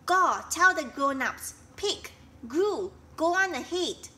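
A woman's voice: very high-pitched, lively intonation, takes it slowly, sharp tone, voice pushed up, exaggerated voice. A woman voicing Flocky, an eager young male animal in a storybook, exclaiming and urging his friends on.

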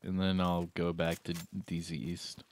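Streaming a shooter game, a man chats in a laid-back way and reads and answers his viewers' comments as he plays. His voice sits low and monotone, a little slow, with background noise audible.

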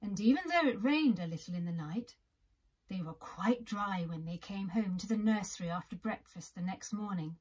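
A woman reads a children's storybook aloud gently and expressively. Her voice is medium in pitch and slightly rough, and she keeps a moderate pace.

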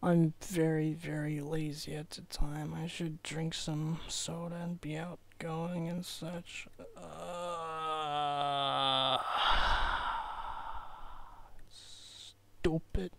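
A man giving casual rambling commentary, stammering, apologetic and low-energy on an old cheap microphone. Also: little pitch movement, extremely slow, vocal fry, a bit bright, poor audio. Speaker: amateur commentator.

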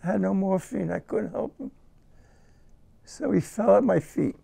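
Older man, veteran interviewee; high for a man, heavy gravel, emotional and halting. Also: expressive, mellow. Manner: halting, repeats words, emotional. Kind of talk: first-person war recollection.

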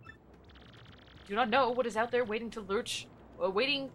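A woman's voice: a little high, measured pace, a bit bright, slight background noise. Woman putting on a pompous cowardly merchant. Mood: self-pitying. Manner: grandiose, fussy, self-pitying. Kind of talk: reading game dialogue aloud in voices.

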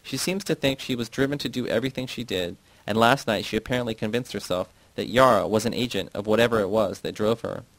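A man's voice: lowish voice, fast talker, hardly any pauses, fairly bright tone, dry recording, poor audio. A man reading as a stern, commanding friend. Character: forceful commanding adult man, family friend.

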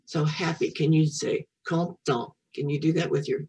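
A woman's voice: sits low, fairly even intonation, moderate pace, mellow, breathy edge, far from the mic, rough recording. A woman reading a picture book aloud to a young child, patiently repeating French words and encouraging the child to say them back. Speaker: children's storyteller and French teacher.

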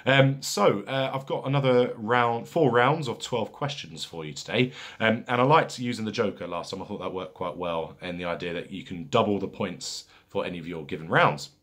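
Running a casual pub quiz, a man with a low, husky, slightly bright voice repeats each question at an unhurried, deliberate pace. Between rounds he offers chatty remarks packed with fillers.

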